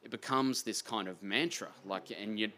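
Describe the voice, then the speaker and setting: An Australian man, an author guest in a casual interview, talking in an excitable, rambling, self-deprecating way. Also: lowish voice, normal speed.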